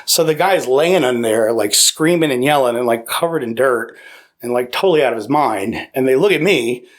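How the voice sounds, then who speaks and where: Man, podcast guest, animated storyteller, laughing, swearing, quoting others. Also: medium pitch, normal speed. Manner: animated, laughing, acts out quotes, frequent swearing. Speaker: podcast guest, former paramedic. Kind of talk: casual storytelling. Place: podcast studio.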